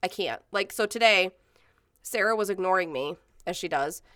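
A woman's voice: on the low side, normal speed, a loud crowd. A woman in her thirties telling stories in casual chat, rambling with many fillers and swearing freely. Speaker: podcast co-host.

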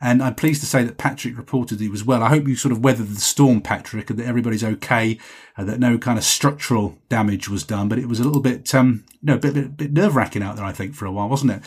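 Hosting his own solo podcast, a man chats his way through listener messages in a husky voice at an ordinary middle pitch. He rambles cheerfully and is quick to poke fun at himself.

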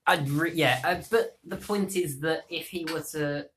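A man's voice: a little high, unhurried, fairly bright tone, slight background noise. A young man from London chatting casually with a friend, opinionated and wry, often restarting his sentences. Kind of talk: casual chat between friends.

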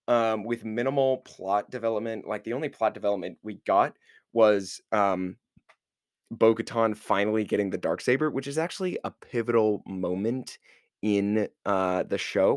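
A man's voice: fairly low pitch, no room sound, clean studio sound. A man hosting a podcast, recapping a show episode casually with lots of filler words. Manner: rambling, heavy on filler words. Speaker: podcast host.

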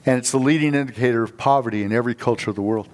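In a church sanctuary, a middle-aged guest speaker preaches a sermon in a mid-range, darkish voice, rapid-fire. He's fired up, telling stories with energy and repeatedly calling for amens from the congregation.

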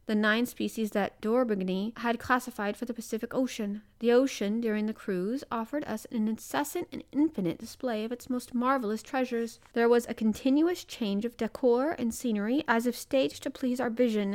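A woman reading a classic adventure novel aloud in a measured, careful way, with the odd small slip. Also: fairly high pitch. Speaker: reader.

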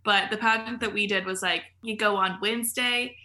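Bright, chatty woman telling stories. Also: medium pitch, steady tone, normal speed. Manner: chatty, filler-heavy storytelling with frequent laughs. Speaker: podcast guest. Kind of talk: casual podcast chat.

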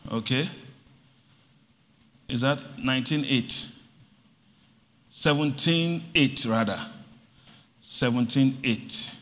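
A middle-aged man preaching a sermon, calling for responses and acting out little stories. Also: medium pitch. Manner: animated preaching with call-and-response and acted anecdotes. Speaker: pastor. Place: church hall. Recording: reverberant church hall.

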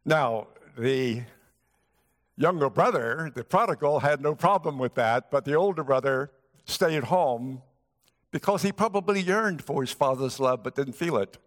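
A man's voice: mid-range voice, animated, unhurried. A male guest pastor preaching a sermon, telling a story and voicing the characters' lines. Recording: long hall reverb.

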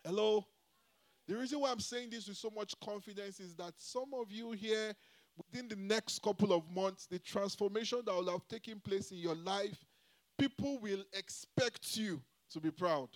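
A man's voice: high voice, moderate pace. A man preaching a sermon, emphatic, often calling out to the congregation for a response. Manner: call-and-response, repeatedly asking the congregation "Hello?"; emphatic with swings in loudness and pace.

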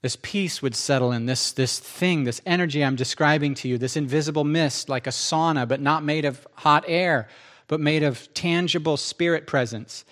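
A middle-aged man preaching, telling his testimony in an animated, self-interrupting way and acting out quotes. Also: a little high, normal speed. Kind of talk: testimony storytelling.

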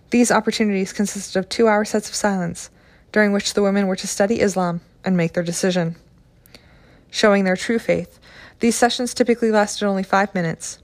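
A woman reading a scripted documentary narration in a measured, sober way, including quoted testimony. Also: medium pitch, a little mellow.

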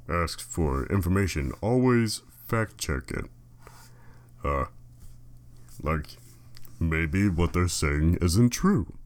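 In a low, darkish voice, a man reads a short fruit entry aloud as a solo talker. His casual monologue meanders with dry jokes, wandering asides, and plenty of fillers and restarts.

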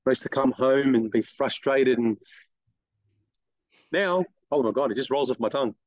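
A middle-aged man, a guest telling blunt, lively stories in an interview and acting out other people's lines. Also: mid-range voice, moderate pace, no room sound, muffled recording. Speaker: guest, car detailing business owner. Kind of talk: casual interview storytelling.

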